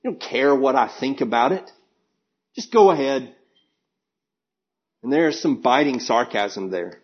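A man's voice: mid-range voice, expressive, a little slow, long pauses, highs cut off. A man preaching a sermon, earnest and emphatic, reading scripture aloud and pressing his points.

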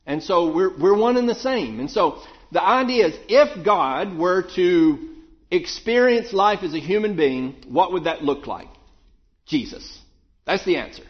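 A man preaching a Bible sermon, asking questions and dropping low to answer them. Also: lively intonation, unhurried, highs cut off.

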